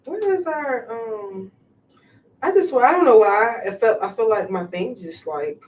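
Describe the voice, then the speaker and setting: Woman, co-host, casual chat, animated pitch, distant mic, echoey room. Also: a little slow. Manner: chatty, trails off and restarts, asks many questions. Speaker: podcast co-host.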